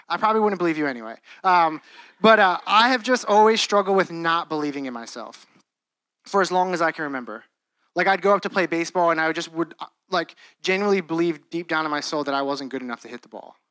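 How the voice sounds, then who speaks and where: A young man in his twenties delivers a sermon in a casual, heartfelt way, often restarting phrases and dropping in "like." His voice is high and bright. The sound is dry and close, with no room around it. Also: fast talker, smooth, no echo. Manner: earnest, conversational, with frequent restarts and "like". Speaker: preacher.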